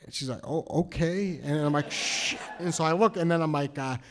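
A man from New Hampshire telling a story on stage, nervous and halting, with many restarts. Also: on the high side. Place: cultural center hall, live audience.

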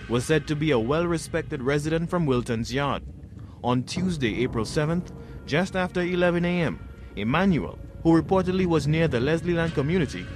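A male narrator reads a documentary news report in a measured way. His pitch sits slightly high. Music plays beneath.

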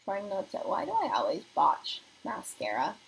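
A young woman chats her way through a makeup livestream at home, with a lively voice that rises and falls a lot. She reads viewer comments aloud and sometimes slips into a soft murmur, over faint room ambience. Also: medium pitch, moderate pace, vocal fry, a little hiss or hum, poor audio. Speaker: beauty livestream host. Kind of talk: casual livestream chat while doing makeup. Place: home apartment.

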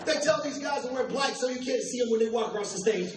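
Older man, high voice, playful stand-up crowd work, tired voice, echoey club, heard from a distance. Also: very noisy. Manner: loose, playful crowd work with quick asides to the audience. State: tired voice from weeks of touring. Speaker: stand-up comedian and impressionist. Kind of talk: live stand-up comedy. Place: comedy club stage before a live audience. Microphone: handheld stage mic. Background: audience laughter and room ambience.

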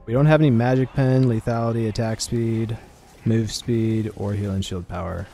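A man's voice: on the low side, steady tone, moderate pace, warm tone, faint music behind. A man thinking aloud and muttering casual commentary while he plays a video game, swearing at setbacks. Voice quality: gravelly. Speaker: gameplay streamer.

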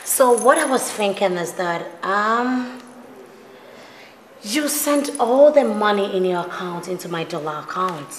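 A woman's voice: medium pitch, expressive, a little slow, slight background noise, lightly acted. An actress playing a Ghanaian woman posing as an American, apologetic and chatty with many fillers. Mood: persuasive. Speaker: film character. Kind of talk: film acting. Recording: echoey hall with loud film music.

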